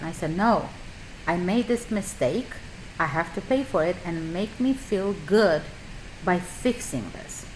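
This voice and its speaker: Animated middle-aged immigrant woman, emphatic. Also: fairly low pitch, moderate pace, a little hiss or hum, poor audio. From a communist country. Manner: animated, emphatic, slightly non-native grammar. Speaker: esthetician and skincare business owner. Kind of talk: casual storytelling advice.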